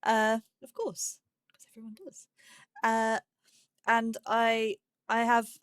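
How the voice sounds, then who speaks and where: A woman's voice: fairly high pitch, monotone, takes it slowly, no echo, clean studio sound. A young woman giving chatty live commentary as she plays a game, talking herself through each move. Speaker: game streamer.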